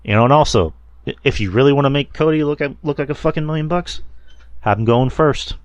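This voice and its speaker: A man's voice: mid-range voice, quick pace, no room sound. A man hosting a solo podcast, rambling casually with lots of fillers and the odd swear word. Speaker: podcast host reviewing wrestling.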